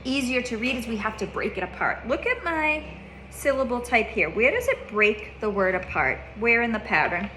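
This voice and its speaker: A woman's voice: a little high, expressive, moderate pace, pushed and bright, a little hiss or hum. Patient woman teaching a child to read. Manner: patient, repeats questions and prompts with "okay?". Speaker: reading teacher. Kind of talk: one-on-one reading lesson with a child.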